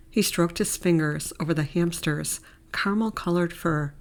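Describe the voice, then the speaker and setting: A woman narrating a romance audiobook in a steady, measured storytelling manner. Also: on the low side.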